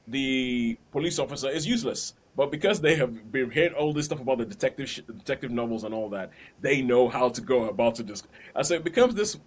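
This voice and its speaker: A man hosting a podcast, chatting casually about films and laughing between points. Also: mid-range voice. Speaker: podcast host. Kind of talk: casual film review chat.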